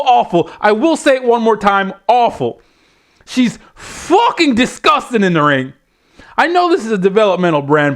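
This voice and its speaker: Man, high voice, wrestling reviewer, profane rant, blunt and exasperated. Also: sing-song, normal speed. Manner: blunt, exasperated, swears constantly.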